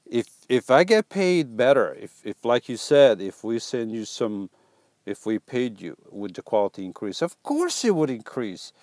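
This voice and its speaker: A man's voice: medium pitch, big pitch swings, normal speed, a little mellow, dry recording. A man hosting a casual live stream, reading viewer comments aloud and joking back with playful teasing and stumbling restarts.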